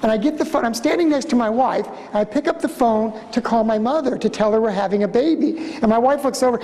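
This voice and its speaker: Lively man lecturing in a reverberant hall. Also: very high voice, fast. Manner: animated storyteller who acts out quoted voices. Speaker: museum director giving a lecture. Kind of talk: storytelling conference lecture. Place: conference hall.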